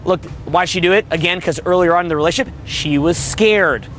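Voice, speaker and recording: A man's voice: sits high, fairly quick, a bit bright, a little hiss or hum. A man coaching on dating in a brash, crude monologue, riffing and mimicking other people. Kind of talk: motivational monologue.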